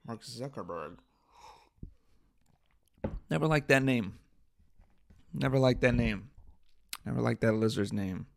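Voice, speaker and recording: A young man hosts his own podcast, talking off the cuff with crude, irreverent jokes. His voice carries a gravelly fry at mid pitch. The sound is dry and close to the mic. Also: slow pace, pauses often, no echo. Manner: joking, irreverent, swears a lot, laughs at own bits. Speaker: podcast host. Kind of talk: casual solo podcast rant.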